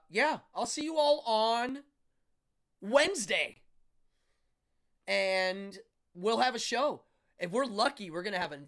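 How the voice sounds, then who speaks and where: A man in his fifties hosting a live stream, chatting casually in a laid-back, slangy way and thanking viewers by name. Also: high-pitched. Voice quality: laid-back, slangy, with frequent ums and uhs. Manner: upbeat sign-off, shouting out viewers by name. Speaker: host.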